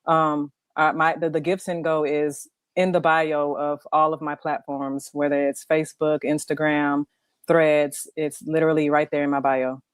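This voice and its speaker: A woman who is a guest on a livestream talk show, speaking in a measured way with frequent ums. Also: deep voice, clear, resonant tone, dry recording. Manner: measured, even, many ums.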